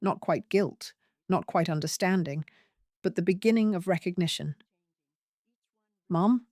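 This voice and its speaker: Low-voiced woman narrating a family drama. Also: darkish tone, dry recording, clean studio sound. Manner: measured, dramatic storytelling. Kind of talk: first-person story narration.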